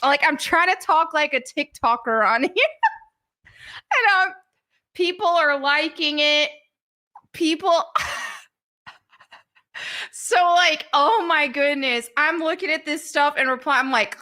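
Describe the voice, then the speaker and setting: A woman's voice: high voice, animated, a little slow, pushed and bright. A woman hosting a live stream in a casual chat, giggling often and mocking what she reads.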